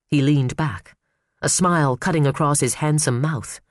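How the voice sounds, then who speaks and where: A man narrating a suspense novel in a measured, expressive read. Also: fairly high pitch, no room sound, clean studio sound. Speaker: audiobook narrator. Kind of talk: scripted narration.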